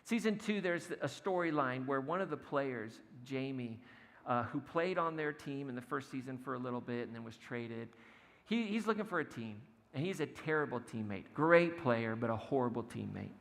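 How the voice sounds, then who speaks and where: A man's voice: mid-range voice, animated, normal speed, creaky. A man preaching a conversational sermon as pastor, retelling a story in a casual, storytelling way. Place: church sanctuary. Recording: long hall reverb, soft music behind.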